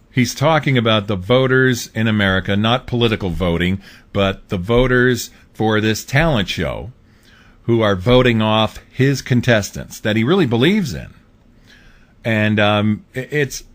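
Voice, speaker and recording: A man's voice: medium pitch, fairly bright tone. A man hosting his own show, talking through a political commentary monologue in a casual, rambling way with fillers. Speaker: host.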